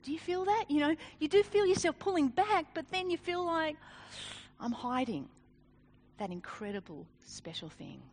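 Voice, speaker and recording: Lively high-voiced woman preaching. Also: normal speed, slight background noise. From Australia. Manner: animated, self-deprecating, laughs often. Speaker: speaker. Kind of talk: sermon with personal story.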